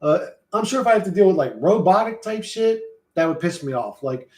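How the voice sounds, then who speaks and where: A man's voice: sits high, expressive, fairly quick. A man streaming live, chatting loosely with his viewers in a rambling, profane, slangy way. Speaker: streamer reading and answering chat. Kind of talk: casual livestream chat. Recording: roomy echo.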